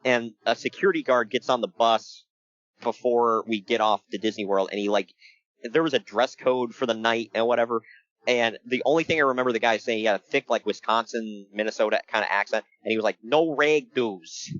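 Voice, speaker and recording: A man's voice: mid-range voice, brisk, dry recording, dull audio. A man co-hosting a casual podcast, joking and laughing as he recaps a wrestling show. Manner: joking, animated, laughs often. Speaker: podcast co-host.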